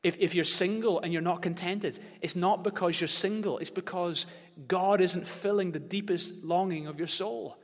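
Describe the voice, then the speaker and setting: A man's voice: sits high, steady tone, normal speed. A man preaching a sermon as pastor, passionate and emphatic, leading his congregation to repeat verses aloud. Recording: long hall reverb.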